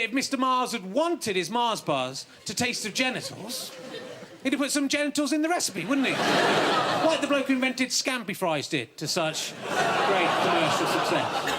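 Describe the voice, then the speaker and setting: A man's voice: very high voice, heavy background noise. A man doing a bitter, mock-indignant stand-up routine on a TV studio stage. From England. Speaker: stand-up comedian.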